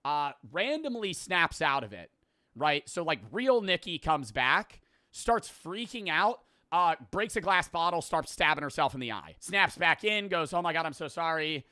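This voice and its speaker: A man's voice: a little high, very animated, a little slow, pushed and bright, no room sound, studio quality. A man hosting a podcast, rambling through a profane, casual plot recap full of filler words. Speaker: podcast host. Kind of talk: casual storytelling.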